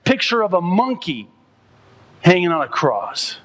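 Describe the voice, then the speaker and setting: Male pastor, sermon delivery, fervent and rising, voice on the higher side. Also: very animated, a little slow. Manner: impassioned preaching, voice climbing high and loud when stirred.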